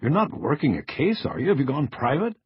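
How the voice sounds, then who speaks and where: A man voicing a friendly woman newspaper crime reporter who talks in lively, teasing patter. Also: mid-range voice, a little fast, husky, no room sound, dull audio, voice pushed up, exaggerated voice.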